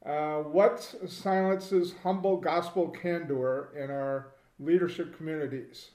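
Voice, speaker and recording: A man's voice: on the high side, steady tone, slow pace, a little mellow, roomy sound. A man co-hosting a podcast, chatting in a wry, laid-back way. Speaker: podcast co-host. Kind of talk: casual chat.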